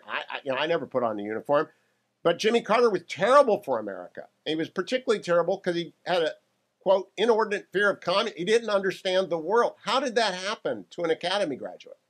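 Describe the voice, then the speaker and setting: A man hosting a political talk radio show, interviewing a guest in an emphatic, animated way with quick asides. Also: a little high.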